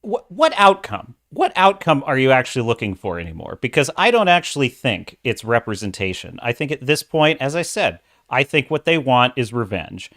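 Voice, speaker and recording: A middle-aged man hosts a casual livestream and talks at mid pitch. He rants with strong opinions, pauses to read viewer chat messages aloud, and then goes back to his commentary. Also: sing-song, a bit bright. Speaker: livestream host.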